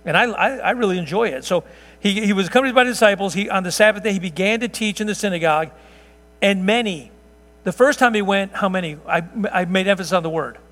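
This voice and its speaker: A man's voice: high-pitched, fast talker, fairly bright tone, long reverb tail. A male pastor, preaching a sermon in a folksy, conversational way with homespun asides, in a church sanctuary.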